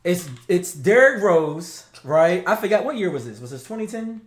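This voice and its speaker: A man co-hosting a casual talk show, animated and slangy, laughing often. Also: high voice, moderate pace, echoey room. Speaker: podcast co-host. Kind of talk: casual chat.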